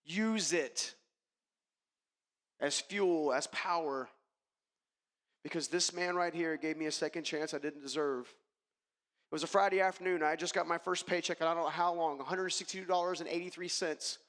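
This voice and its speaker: A man's voice: on the high side, normal speed, long pauses, a bit bright. A man giving a motivational keynote, telling a personal story emphatically and speaking straight to the audience. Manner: emphatic, addresses the audience directly. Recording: long reverb of a large hall.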